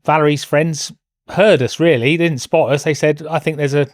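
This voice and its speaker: British man, podcast guest, slightly high voice, wry and self-deprecating, dry close sound. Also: fairly even intonation, normal speed, dry recording. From Britain. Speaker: guest, host's husband. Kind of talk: casual conversation.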